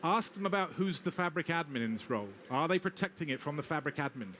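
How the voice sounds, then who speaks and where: A high-pitched British man presenting live at a tech conference. He is brisk and wry and speaks straight to the crowd, with a faint hiss of noise under him. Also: lively intonation, fairly bright tone. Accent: British English. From Britain. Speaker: technical presenter. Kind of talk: live conference talk with demo.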